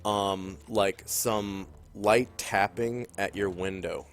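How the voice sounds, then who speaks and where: A man running a tabletop game as game master, describing scenes haltingly with many ums and pauses. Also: on the low side, steady tone. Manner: halting, full of ums and throat-clearing.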